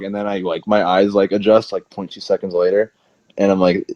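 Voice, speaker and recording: A man's voice: low voice, little pitch movement, a little fast, no room sound. A man, a wrestler guest, telling long rambling stories full of "like" in a casual interview. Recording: slightly muffled dry audio.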